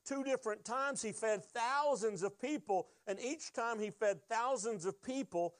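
A man's voice: very high-pitched, a little slow, no room sound. A man preaching a sermon, telling a personal testimony in an earnest storytelling way and drawing out his key phrases. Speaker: pastor.

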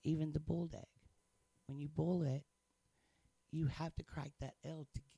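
A man's voice: on the high side, flat delivery, moderate pace, creaky, warm tone, husky, dry recording. A man sharing his faith testimony in casual chat, earnest and playful, laughing often.

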